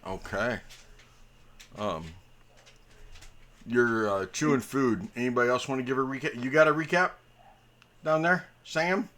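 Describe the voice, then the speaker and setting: A man's voice: mid-range voice, a little slow, pauses often, fairly bright tone. A man hosting a live tabletop game stream as dungeon master, chatting casually and rambling with many fillers.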